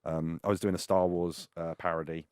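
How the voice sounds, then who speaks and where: A British man and adult film performer telling stories in a casual, animated way and acting out other people's lines. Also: low-pitched, normal speed, smooth, no room sound, clean studio sound. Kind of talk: casual storytelling.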